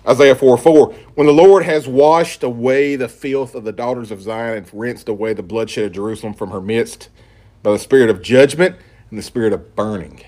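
A man's voice: medium pitch, moderate pace, warm tone. A man preaching a sermon and reading scripture aloud in an emphatic style. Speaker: pastor.

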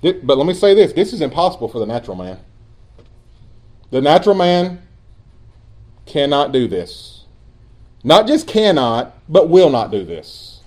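A man preaching a sermon as pastor, earnest and emphatic, dropping at times into quiet asides. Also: fairly high pitch, big pitch swings, unhurried, long pauses.

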